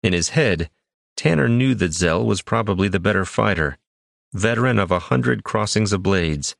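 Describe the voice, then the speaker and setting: Male audiobook narrator, deep, measured dramatic reads, dry booth sound. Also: lively intonation, creaky, dry recording. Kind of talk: scripted fantasy narration.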